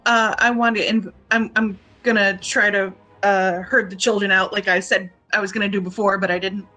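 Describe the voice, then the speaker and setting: A woman's voice: medium pitch, steady tone, normal speed, pushed and bright, soft background music, low-quality recording. A woman player in a tabletop game who describes her character's moves in a hesitant way, thinking aloud with restarts. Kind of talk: tabletop role-play, in character decisions.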